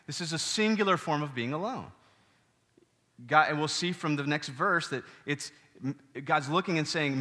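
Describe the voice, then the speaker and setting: A man's voice: mid-range voice, fairly quick, big-room sound. A pastor preaching a sermon, teaching through scripture and putting questions to his listeners. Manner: animated, asks the congregation questions.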